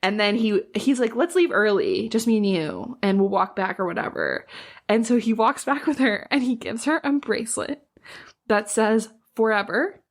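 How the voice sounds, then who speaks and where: A woman's voice: a little high, lively intonation, moderate pace. A young adult woman co-hosting a podcast, recapping a book's plot in casual chat, full of "like" and acting out characters' lines. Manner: chatty, fills with "like", acts out characters' lines. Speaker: podcast co-host.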